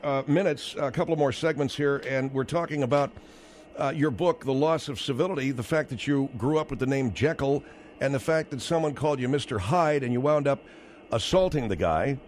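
A man hosting a call-in radio talk show, brisk and interjecting as he steers the calls. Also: a little high.

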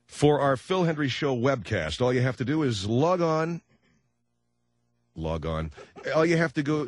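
A man's voice: medium pitch, dry recording. A man hosting a radio call-in show, brash and pushy, firing repeated questions at callers. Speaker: radio talk show host.

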